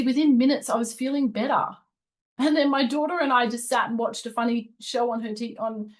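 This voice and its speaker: A woman's voice: fairly high pitch, fairly bright tone, low-quality recording. A woman hosting a spiritual channel, giving casual commentary and sharing personal stories in an earnest, confiding way.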